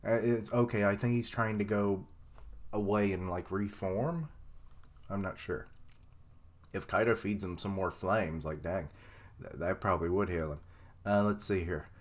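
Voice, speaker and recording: A man giving casual live reaction commentary, excitable and swearing freely. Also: fairly low pitch, moderate pace. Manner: excitable, swears freely, laughs and voices characters.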